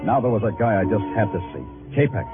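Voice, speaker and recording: A hard-boiled male detective narrates in terse, wry lines, his pitch rising and falling with lively swings. The 1940s radio broadcast sounds tinny and narrow, with faint music underneath. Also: fast.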